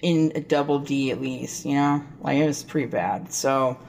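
A woman's voice: rumbling low, fairly even intonation, moderate pace, gravelly, darkish tone, slight background noise. A woman co-hosting a podcast, telling a rambling, profane story in casual chat. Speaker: podcast co-host.

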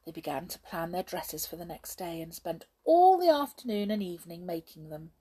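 A woman reading a children's storybook aloud, slow and expressive. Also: on the low side, husky.

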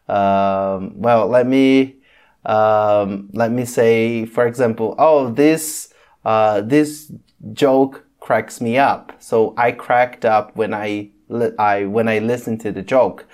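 An English teacher hosts a casual lesson, explaining patiently, checking in with "okay?" and pausing on many ums. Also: medium pitch, darkish tone. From Brazil. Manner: patient, repeats "okay?" often.

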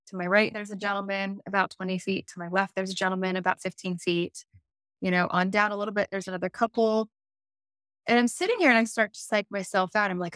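A woman, an intuitive life coach, telling a story in a casual podcast interview, animated and acting out her own inner voices, laughing often. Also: medium pitch, a little fast, dry recording, studio quality.

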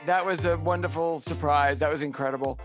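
A middle-aged man co-hosting a podcast, telling a personal story in a halting, heartfelt way with many fillers and restarts. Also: fairly high pitch, steady tone, over music. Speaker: podcast co-host. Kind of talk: casual storytelling chat.

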